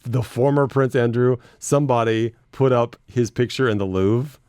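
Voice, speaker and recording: A man's voice: mid-range voice, normal speed, a little mellow, clear, resonant tone, no room sound, clean studio sound. A man hosting a casual chat show, running through the news with a chatty, laughing manner. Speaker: radio show host.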